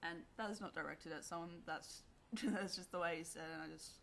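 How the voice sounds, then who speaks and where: A young woman telling a personal story to camera in a rambling, halting way, full of fillers. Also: fairly low pitch, fairly even intonation, creaky, a bit bright, a little hiss or hum. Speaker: vlogger.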